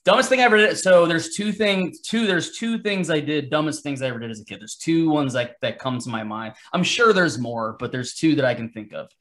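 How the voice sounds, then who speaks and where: A man's voice: on the high side, fairly quick, few pauses, a bit bright. A man who is a podcast guest, chatting casually and rambling, with a self-deprecating streak and free swearing. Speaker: podcast guest, comic artist.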